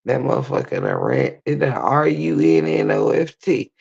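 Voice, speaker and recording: A livestream host with a hoarse, nearly gone voice, half-whispering in a casual late-night chat. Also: mid-range voice, wildly swooping pitch, a little mellow, highs cut off. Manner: half-whispering, drawn-out and laid-back.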